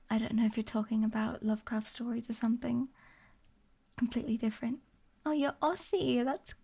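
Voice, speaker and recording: A woman streamer chatting in a soft, half-whispered ASMR voice, giggling often and sounding sleepy. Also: on the high side, creaky. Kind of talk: soft-spoken ASMR chat. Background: rain ambience.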